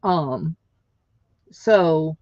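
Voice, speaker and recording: A woman, somewhat low-voiced, rambles through a long personal story with lots of fillers and restarts. She sounds tearful in places. The recording is dry and a bit muffled. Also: extremely slow, a little mellow, no room sound. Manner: rambling, emotional, many fillers. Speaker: vlogger. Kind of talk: casual storytelling.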